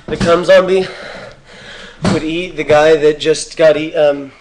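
A man's voice: on the high side, steady tone, a little slow. A man rambling casually through the wrap-up of his comedy sketch. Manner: laughing, rambling. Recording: echoey room, distant mic, faint hiss.

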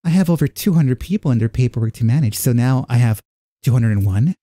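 A man voicing a bored female head nurse with a raspy, sing-song voice in a visual novel game. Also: extremely low pitch, expressive, fast talker, mellow, no room sound, clean studio sound.

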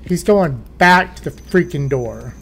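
A man's voice: fairly high pitch, animated, a little slow, vocal fry, fairly bright tone, slight background noise. A man playing a horror game, talking to himself nervously with jumpy exclamations. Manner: nervous running self-talk, jumpy exclamations. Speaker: gaming let's player.

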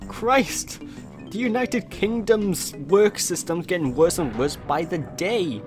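A man's voice: high-pitched, animated, slow, soft background music. A young Welsh man giving rambling, jokey, self-deprecating commentary over a video game. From Wales. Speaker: let's play host. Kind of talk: gameplay commentary.

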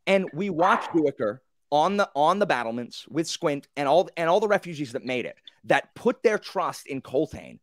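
A man in a casual group book discussion, telling the story with animated, acted-out reactions and many fillers. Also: on the high side, normal speed, hardly any pauses, no echo, clean studio sound.

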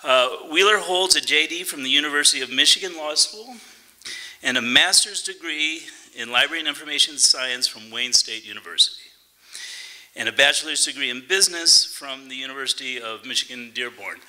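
A man presenting an award, reading out a formal introduction at a steady pace with filler pauses. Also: medium pitch, poor audio.

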